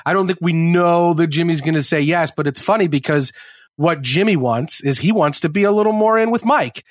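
A podcast co-host with a voice on the high side talks briskly and casually about a TV episode, acting out character lines in quotes. The recording is dry and clean, with studio sound.

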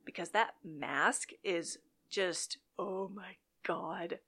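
A woman's voice: lowish voice, very slow, bright, forceful tone, slightly rough. A young woman hosting a podcast, recapping an old TV episode in a chatty, enthusiastic, nostalgic way. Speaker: podcast host.

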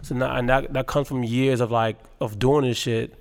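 A comedian man telling stories about his early career in a casual interview, animated and laughing often, with lots of fillers. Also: mid-range voice, normal speed, vocal fry. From Baltimore. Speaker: guest comedian.

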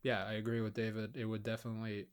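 A man's voice: lowish voice, completely flat delivery, quick pace, clear, resonant tone. A man on a casual movie-review podcast who chimes in with short comments and agreement. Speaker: podcast co-host.

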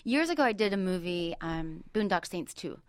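Casting note: chatty actress guest, slightly low voice, lots of laughter, close dry sound. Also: female voice, moderate pace, clear, resonant tone, no room sound. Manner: laughs often, animated storyteller. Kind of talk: casual chat.

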